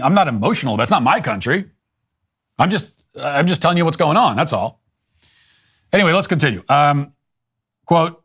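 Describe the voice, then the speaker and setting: A man from the United States hosting a commentary show, speaking in a sardonic, mocking, deadpan way as he reads out a news article and responds to it. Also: medium pitch, slightly rough. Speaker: political commentator host. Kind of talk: scripted monologue with reading aloud.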